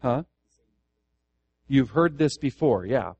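A man's voice: mid-range voice, lively intonation, slow pace, vocal fry, darkish tone, slightly rough, no room sound, dull audio. A man teaching Scripture to a church group, earnest, restarting phrases and putting questions to the room. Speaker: Bible teacher. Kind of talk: Bible study teaching to a congregation.

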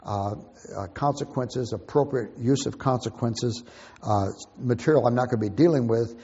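An older man gives a folksy, plain-spoken teaching talk in a husky voice. His words ring out with a long hall reverb. The recording sounds dull and lo-fi. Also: medium pitch, normal speed, dark tone. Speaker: Christian parenting teacher.

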